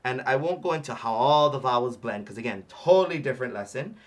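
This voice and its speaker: A man leading a livestream ukulele workshop. He chats casually with lots of fillers and laughs, and sounds out Hawaiian words slowly, syllable by syllable. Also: medium pitch, lively intonation. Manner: chatty with frequent fillers and laughter. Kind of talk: livestream music lesson.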